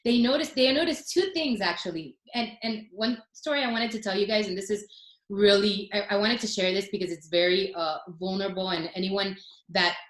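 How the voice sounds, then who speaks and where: A woman's voice: mid-range voice, a little fast, roomy sound, rough recording. A woman in her forties, a guest telling personal stories in casual chat and acting out quotes. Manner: animated storytelling, acts out quotes.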